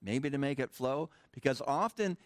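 Joking middle-aged pastor, dry close sound. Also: male voice, medium pitch, expressive, moderate pace, dry recording. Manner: casual, joking asides with the congregation. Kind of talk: sermon with a Greek grammar lesson. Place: church sanctuary.

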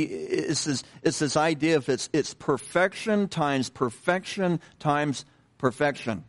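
Unhurried man preaching a casual sermon. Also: mid-range voice. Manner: unhurried, repeats himself with many fillers and restarts; conversational, asks the congregation questions. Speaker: pastor.

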